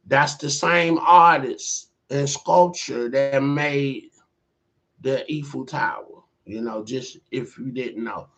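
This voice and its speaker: A man's voice: mid-range voice, a bit bright. A middle-aged man casually telling a story to the camera, rambling and full of "you know" fillers. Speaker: vlogger.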